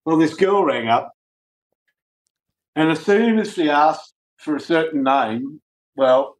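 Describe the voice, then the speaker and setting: A man's voice: a little high, slow. Man telling a comic story. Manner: comic storyteller acting out phone call voices. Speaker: guest on a chat show. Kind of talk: casual storytelling.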